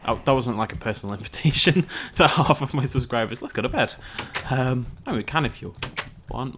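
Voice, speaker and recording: A man talks his way through a video game in a relaxed, rambling let's-play style, joking at his own expense and chatting to his viewers. His pitch bounces around a lot, swooping up and down as he goes. His voice sits in the middle of the usual range for a man. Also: a little hiss or hum. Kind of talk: casual gameplay commentary.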